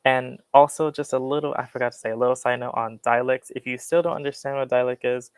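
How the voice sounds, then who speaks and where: A man's voice: medium pitch, steady tone, quick pace, smooth, no echo, low-quality recording. A young American man giving an online class talk, explaining at an easy pace with lots of fillers. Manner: casual, uses many fillers, explains with examples. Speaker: guest speaker on accents.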